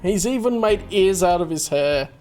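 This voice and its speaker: A man's voice: high voice, expressive, normal speed, darkish tone, soft background music. A man hosting a let's play, giving playful casual commentary and reading the game's lines aloud.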